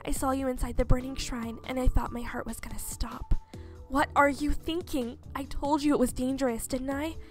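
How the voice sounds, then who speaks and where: A woman reading a game's gentle, protective young male lead in a breathy, hushed whisper. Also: high voice, steady tone, normal speed, soft background music, lightly acted. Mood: worried, scolding. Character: gentle protective young man, anxious and tender.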